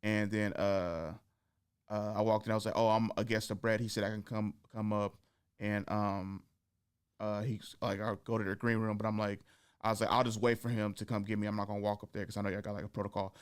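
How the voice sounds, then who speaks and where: A man hosting a podcast, telling comedy-club stories in a casual, animated way, acting out the people he quotes and laughing often. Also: fairly low pitch, brisk, smooth. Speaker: podcast host and stand-up comedian. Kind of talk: casual storytelling chat.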